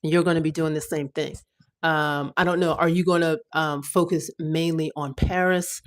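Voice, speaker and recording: A woman chatting casually on a livestream, animated, with quick asides. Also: low voice. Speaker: livestream host. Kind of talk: casual live chat.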